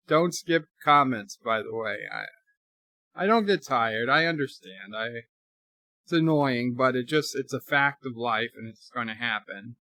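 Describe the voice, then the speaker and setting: A man's voice: mid-range voice, expressive, unhurried, pushed and bright, no room sound. A man hosting a live movie rewatch, chatting and reading viewer comments aloud as he reacts.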